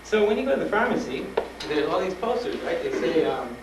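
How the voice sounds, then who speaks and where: Male guest speaker, frank and animated, slightly high-pitched, recorded from afar on noisy tape. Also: fairly quick. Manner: animated, acts out dialogue, laughs often; frank and urging. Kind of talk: personal storytelling talk to students. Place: school hall with an audience. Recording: roomy old tape from a distant mic, noisy.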